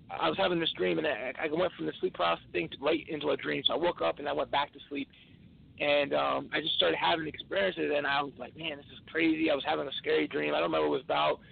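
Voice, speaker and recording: Gravelly man on a tinny phone line. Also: a little high. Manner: earnest, halting, many restarts. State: tired. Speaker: podcast guest. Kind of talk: emotional personal storytelling.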